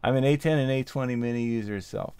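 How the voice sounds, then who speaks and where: A man's voice: mid-range voice, fast talker, dark tone, clean tone, no echo. A man hosting a casual livestream, chatting and thinking aloud with many ums as he assembles gear and answers viewers. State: a little out of breath. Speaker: livestream host, sound mixer. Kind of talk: casual livestream chat while building gear.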